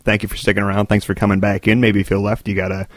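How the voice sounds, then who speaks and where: A man's voice: on the low side, little pitch movement, racing. A man hosting his own podcast, rambling through stories with self-deprecating jokes. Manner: self-deprecating, joking, meandering. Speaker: podcast host. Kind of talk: rambling solo podcast monologue.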